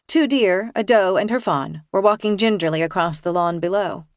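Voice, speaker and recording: Woman reading a dark novel aloud, steady and even, dry close mic. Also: medium pitch, normal speed, no room sound. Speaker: audiobook narrator. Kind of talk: scripted first-person narration.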